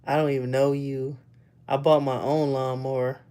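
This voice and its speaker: A young man with a rather high-pitched voice, chatting casually with viewers on a livestream and laughing often. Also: flat delivery, moderate pace, dark tone, clear, resonant tone. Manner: laughs often, loose and playful, teases chat. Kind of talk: casual live chat.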